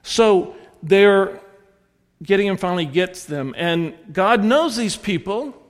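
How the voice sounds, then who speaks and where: A man's voice: high-pitched, lively intonation, takes it slowly. A man with a Southern American accent preaching a sermon, telling stories and correcting himself as he goes. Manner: rambling storyteller, self-correcting with restarts. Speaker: pastor. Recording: long hall reverb.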